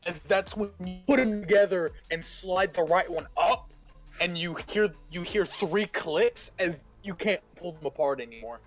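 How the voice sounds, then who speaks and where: A man's voice: high-pitched, normal speed, faint music behind. A man acting as game master, narrating the players' actions in loose, laughing run-on sentences on a voice call.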